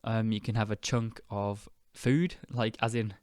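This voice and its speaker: A young British man hosting an English-learning podcast, speaking slowly and clearly in a chatty, relaxed way with fillers. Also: fairly low pitch, dry recording, studio quality. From United Kingdom. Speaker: podcast host and English teacher. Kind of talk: casual spoken lesson.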